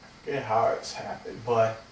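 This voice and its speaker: A man's voice: mid-range voice, level tone, moderate pace, slight background noise. A man in his thirties rambling through a personal story, hesitant and casually swearing. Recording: roomy, distant from the mic.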